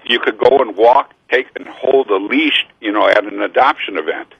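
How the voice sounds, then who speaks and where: A man's voice: lowish voice, normal speed, gravelly, fairly bright tone, breathy edge, muffled recording. A man with a Minnesota accent, a guest author on a casual radio interview. He is easygoing and agreeable and often repeats his words.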